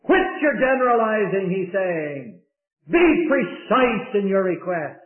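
High-voiced older preacher in an echoey hall. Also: male voice, sing-song, slow pace. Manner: emphatic, rising and falling delivery with sudden loud peaks and quiet drops; addresses listeners as "beloved". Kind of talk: sermon. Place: church. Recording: echoey hall, tinny phone-like sound.

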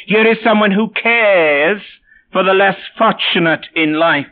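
A man's voice: sits high, unhurried. A man preaching a sermon, telling personal stories in a wry, self-deprecating way. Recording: tinny phone-like sound.

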